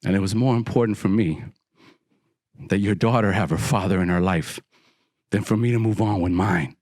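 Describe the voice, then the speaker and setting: A man's voice: moderate pace, no room sound, clean studio sound. A middle-aged man telling his recovery story to an audience, acting out the voices of the people in it. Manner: dramatic storytelling, acts out dialogue with sharp pitch swings.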